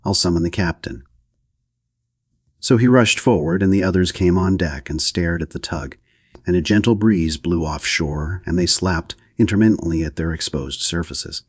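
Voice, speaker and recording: A man narrating an audiobook in a measured, steady way. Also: low voice, slightly rough, no echo, clean studio sound.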